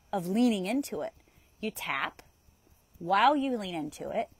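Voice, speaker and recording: A woman's voice: mid-range voice, husky, dry recording, rough recording. A woman guiding an EFT tapping session outdoors, talking casually, swearing freely and laughing often. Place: outdoors in a yard at dusk.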